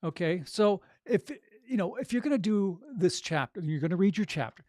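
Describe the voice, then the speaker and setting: A man's voice: high-pitched, lively intonation, normal speed, darkish tone, no room sound, studio quality. A man coaching audiobook narrators in a casual, upbeat chat, full of fillers like "you know". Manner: conversational, upbeat, with frequent fillers.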